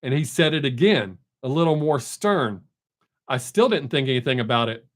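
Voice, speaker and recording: A man's voice: mid-range voice, expressive, normal speed. A middle-aged man hosts a live stream, chatting casually and bluntly with his viewers and telling stories. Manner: blunt, talkative, storytelling.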